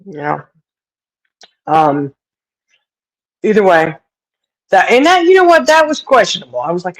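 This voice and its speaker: A woman co-hosts a casual podcast chat, spinning a story full of laughter and colorful Southern-style sayings, raising her pitch when she imitates other people. Her voice swings widely in pitch, moves a little slowly, and leaves long pauses. The recording sounds rough.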